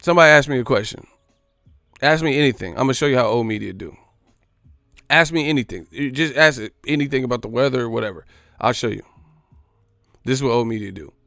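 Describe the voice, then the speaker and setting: Gravelly, mocking man ranting live. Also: medium pitch, fast talker, pauses often, fairly bright tone, no room sound, studio quality. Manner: profane, mocking, repetitive. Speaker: host of a boxing live stream. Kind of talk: live-stream rant.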